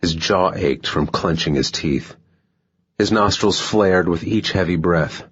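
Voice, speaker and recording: A man narrating a thriller audiobook in a measured, even way. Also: low-pitched, husky, muffled recording. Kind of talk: scripted narration.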